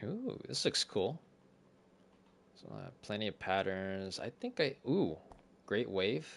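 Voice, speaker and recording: A man streaming a relaxed home-renovation game, commenting casually, reading chat aloud and chuckling often. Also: lowish voice, slow, vocal fry. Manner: laid-back, chuckles often, talks to chat. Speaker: gaming streamer. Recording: faint game music behind.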